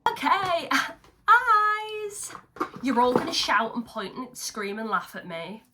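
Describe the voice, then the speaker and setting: A young woman, a makeup vlogger, sits at home doing a makeup tutorial and chatting casually, poking fun at herself and occasionally swearing. Her voice is a little high at normal speed, and the background is noisy.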